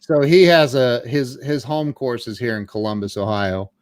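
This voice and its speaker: A middle-aged man recounting his own past in a candid, halting way, often stammering and restarting. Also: mid-range voice, no room sound. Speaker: guest telling his story. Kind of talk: candid personal storytelling.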